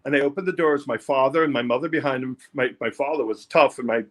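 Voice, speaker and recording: An older man, telling his life story haltingly in an interview, often repeating words. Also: medium pitch, a bit bright. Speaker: interview guest, music producer. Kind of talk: candid personal storytelling.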